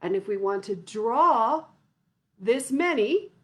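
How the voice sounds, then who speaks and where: A woman leading a children's music lesson, counting and encouraging young viewers in a gentle way. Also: a little high, animated, slow pace. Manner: gentle, encouraging, sings nursery songs. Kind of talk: singing and counting lesson for kids.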